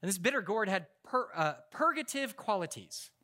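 A male pastor delivers a sermon with a high-pitched voice and a bright, forceful tone. His talk is conversational and full of jokes, and he often stumbles and restarts mid-sentence as he tells stories. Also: sing-song, normal speed. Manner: humorous, conversational storytelling with frequent restarts.

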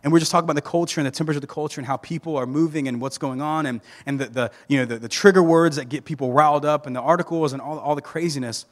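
A man preaching a sermon as a pastor, animated and joking, with many restarts. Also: a little high, very fast, few pauses, in a large hall. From Southern United States. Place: church sanctuary.

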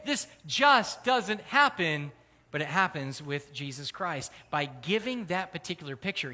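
A man preaching a sermon as pastor, earnest, swelling louder and higher for emphasis. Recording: long hall reverb.

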